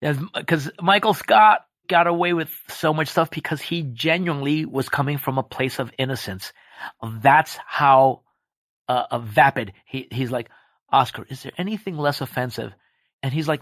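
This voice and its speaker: Brief: man, slightly high voice, playful podcast guest, dry close mic. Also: moderate pace, no echo. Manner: animated, jokey, slips into impressions. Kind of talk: casual podcast chat.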